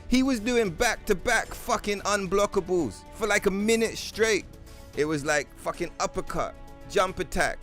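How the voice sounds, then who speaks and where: A man's voice: high voice, lively intonation, unhurried, fairly bright tone, soft background music. Profane man streaming a game. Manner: profane, swears constantly. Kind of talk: casual gaming stream commentary.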